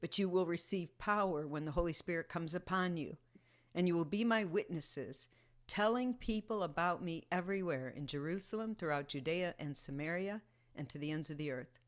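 A woman's voice: fairly low pitch, moderate pace. A woman leading a prayer meeting over a video call, reading scripture aloud and earnestly asking listeners direct questions.

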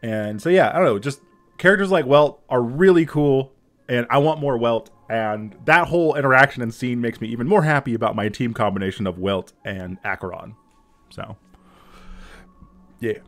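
A man in his thirties giving casual reaction commentary on a game, excitable, swearing and laughing often. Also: medium pitch, moderate pace. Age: 30s.

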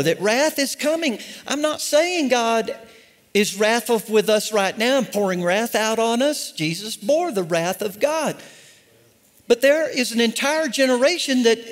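An older man preaching in an unusually high, lively voice that climbs and drops with his emphasis. He takes his time, landing each point slowly and with passion, breaking into humorous asides. A long reverb from the large hall trails behind him. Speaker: pastor. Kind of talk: sermon.

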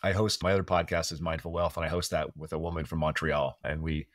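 Brief: very low-voiced male host, rapid questions, dry close sound. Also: level tone, no room sound. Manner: quick, friendly questioning. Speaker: podcast host. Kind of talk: casual interview conversation.

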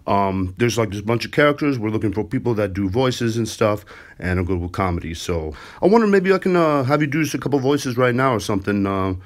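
A man's voice: on the low side, expressive, fairly quick. A man making a casual prank phone call, chatty and upbeat with lots of fillers. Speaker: prank caller, show host.

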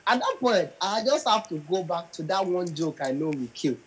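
Lively man telling comedy stories. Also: high-pitched, moderate pace, breathy edge, rough recording. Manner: animated storyteller, acts out voices and sings lines. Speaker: comedian guest. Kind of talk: storytelling comedy interview.

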